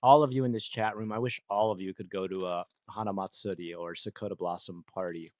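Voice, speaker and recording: A man with a lowish voice chats loosely with his livestream audience, wandering from thought to thought and laughing often. His mic sounds dry and a little muffled, with a lo-fi dullness. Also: steady tone, brisk, no room sound. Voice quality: rambling and chatty, with fillers and frequent laughs. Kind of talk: casual livestream chat with viewers.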